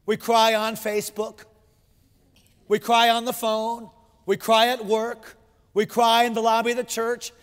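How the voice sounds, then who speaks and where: A man's voice: extremely high pitch, monotone, measured pace, clear, resonant tone, big-room sound. A pastor preaching a sermon to his congregation, emphatic, repeating his phrases and asking rhetorical questions.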